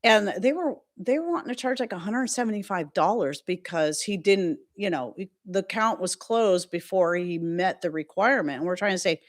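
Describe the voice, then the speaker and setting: A woman's voice: medium pitch, normal speed, hardly any pauses. A middle-aged woman chatting casually on her livestream, rambling from one story to the next and reading out viewer comments. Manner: chatty, rambling, reads chat comments aloud. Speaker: livestream host.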